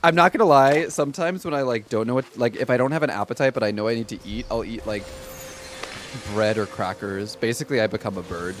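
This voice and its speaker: Young man in his twenties, game streamer, chatty, animated storytelling, filler-heavy casual talk, faint room hum behind. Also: medium pitch, fast. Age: 20s.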